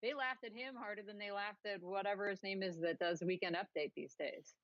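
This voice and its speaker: A woman's voice: mid-range voice, steady tone, a little fast, no echo, lo-fi sound. Sarcastic woman podcast co-host, dry sound. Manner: sarcastic, rambling storyteller. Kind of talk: casual political chat.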